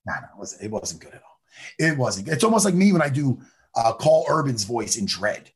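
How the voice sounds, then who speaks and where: A man co-hosting a casual chat, animated and profane, slipping into impressions. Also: mid-range voice, fairly quick, breathy edge. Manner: animated, swearing, doing impressions. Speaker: podcast co-host.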